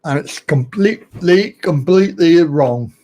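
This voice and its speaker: A middle-aged man hosts a casual livestream chat at an unhurried pace. His voice sits a little high but sounds soft and mellow. He speaks bluntly, rambles between points and chuckles often. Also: expressive. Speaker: livestream host.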